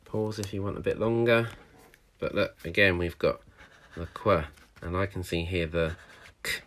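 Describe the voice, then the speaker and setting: A man with a very low voice teaches a recorded phonics and handwriting lesson for young children. He is encouraging and sounds out each letter slowly and clearly, the way a primary school teacher does. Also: fairly bright tone, a little hiss or hum.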